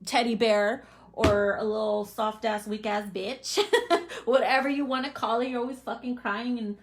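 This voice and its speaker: A woman's voice: fairly high pitch, steady tone, moderate pace, background noise. A woman giving a casual tarot reading, swearing freely and laughing often. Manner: profane, bubbly, laughs often. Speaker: tarot reader.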